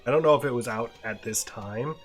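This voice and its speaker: A man playing a video game and explaining it dryly, often trailing off into a quiet mumble. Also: mid-range voice, brisk, faint music behind. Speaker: player and co-host of a gameplay video. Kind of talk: casual gameplay commentary.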